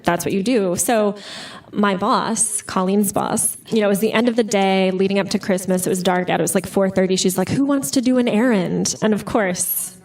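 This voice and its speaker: Chatty woman author, distant mic. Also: medium pitch. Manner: animated storyteller, full of "like" and "you know". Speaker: author guest. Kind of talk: live interview conversation. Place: bookstore with live audience. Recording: distant mic at live event.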